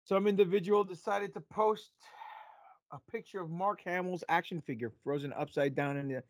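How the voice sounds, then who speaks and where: A man's voice: high-pitched, moderate pace, no room sound. A man hosting a casual podcast, rambling and telling jokes with plenty of fillers. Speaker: podcast host.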